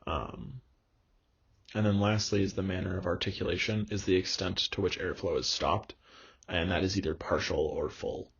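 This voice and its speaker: A young man lectures with a low, gravelly, husky voice, stopping and restarting often with plenty of ums. The recording is dull and lo-fi. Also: fairly even intonation. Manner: halting, many fillers and restarts.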